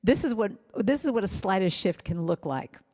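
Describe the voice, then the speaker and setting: A woman's voice: mid-range voice, animated, moderate pace, darkish tone, long reverb tail. An American woman, a guest speaker and musician, telling a casual, self-deprecating sermon story with many restarts, from home. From United States. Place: at home with a cat, speaking to a church online.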